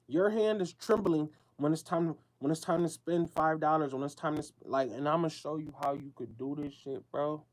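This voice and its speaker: A man's voice: on the high side, normal speed. A man hosting his own show, speaking in a casual monologue straight to his listeners. His talk is loose and slangy and keeps circling back on itself. He is from the United States. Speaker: show host.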